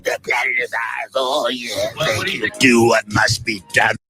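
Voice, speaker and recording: A man's voice: mid-range voice, flat delivery, measured pace, music in the background, lightly acted. A man voicing a power-hungry male alien invader with groaning, gloating cries. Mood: triumphant.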